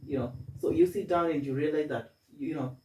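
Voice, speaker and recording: A man's voice: fairly high pitch, brisk, dark tone, distant mic, slight background noise. A man in his twenties, a student guest, speaking in a self-assured way with repeated stammering restarts. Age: 20s. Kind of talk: casual interview. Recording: echoey room, voice from off-mic.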